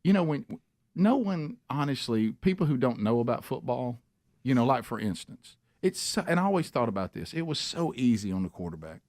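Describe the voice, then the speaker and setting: Guy rambling through a funny story, does both voices, average pitch. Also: fairly quick. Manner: animated storyteller, acts out dialogue. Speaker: radio show host. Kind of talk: storytelling on a talk show.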